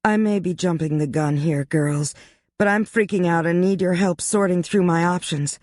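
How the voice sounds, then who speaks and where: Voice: medium pitch, fairly even intonation, normal speed, a little mellow, no echo, clean studio sound, pitched above the performer's own voice, natural voice. A narrator voicing Pippa, a frank young woman who confides her worries in a rueful, anxious way.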